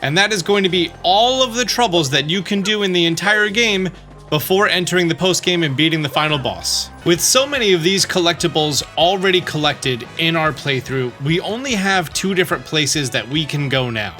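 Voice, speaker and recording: Bright-voiced man narrating a game walkthrough. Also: fairly high pitch, lively intonation, normal speed. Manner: chatty, reads game dialogue aloud in his own voice. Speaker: let's play host. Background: faint game music.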